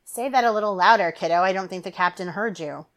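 A woman's voice: medium pitch, fast, fairly bright tone, lightly acted. A woman voicing a wry, firm mother who is a ship's doctor in a story.

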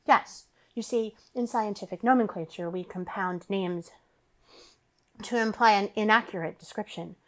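A smooth, formal android officer, voiced by a woman. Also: medium pitch, normal speed, lightly acted. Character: polite male synthetic officer, precise and formal.

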